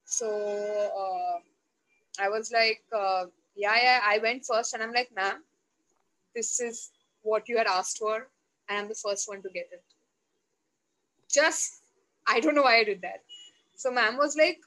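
A woman with an Indian accent, a guest telling a story in a casual, lively way and acting out the quotes. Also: a little high, normal speed, rough recording. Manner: lively, animated, acts out quotes.

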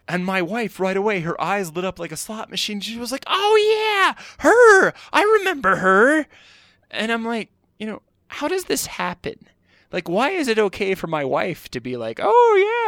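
A middle-aged man with a voice on the high side, a bit bright, tells comic stories from his own life on a dry, studio-quality recording. He rambles, pokes fun at himself, and leans heavily on "like."

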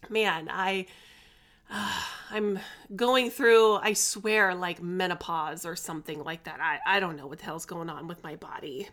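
A woman's voice: mid-range voice, a bit bright. A woman in her forties hosting her own podcast, chatting candidly and tiredly about her stress, with laughs and sassy asides. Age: 40s. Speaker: podcast host and life coach. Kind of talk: casual chat. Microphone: podcast microphone.

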